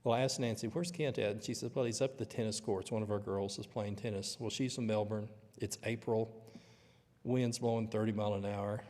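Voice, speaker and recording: A man's voice: lowish voice, fairly even intonation, fairly quick, mellow, in a large hall. A man teaching a Bible lesson in church, with a conversational, storytelling manner. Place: church auditorium.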